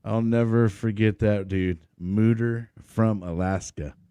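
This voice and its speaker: A man hosting a podcast, a Marine veteran who tells profane, animated stories and acts out the voices in them. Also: on the low side, takes it slowly, smooth, no echo. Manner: profane, animated storyteller acting out quotes. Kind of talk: casual podcast chat.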